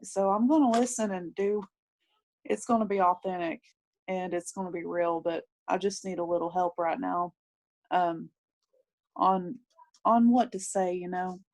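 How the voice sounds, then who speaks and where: A woman's voice: lowish voice, fairly even intonation, unhurried, a little mellow. A woman on a video call asking for help, speaking earnestly and a little pleadingly. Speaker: new business recruit. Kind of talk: casual video call chat.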